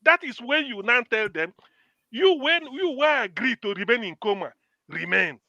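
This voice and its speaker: A Nigerian man arguing in a heated political debate, loud and emphatic, slipping into pidgin. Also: very high voice, animated, normal speed, creaky, dry recording, muffled recording. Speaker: panel guest.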